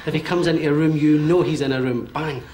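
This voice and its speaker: A Scottish man in his forties giving a medium's reading, talking in a quick, animated way with many fillers and checks. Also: on the high side, slight background noise. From Scotland. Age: 40s. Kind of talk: live one-to-one reading before an audience.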